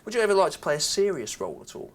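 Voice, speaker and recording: A man hosts a breezy TV interview, his pitch rising and falling in a lively way. He needles his guests with cheeky questions. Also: racing.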